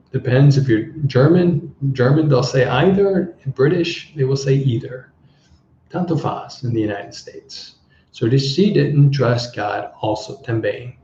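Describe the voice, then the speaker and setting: Slow, mellow-voiced man teaching a lesson. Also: mid-range voice, a little hiss or hum. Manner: slow, stops to explain words and translate them. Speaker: English teacher. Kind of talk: relaxed Bible-based language lesson. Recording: echoey room, slightly dull sound.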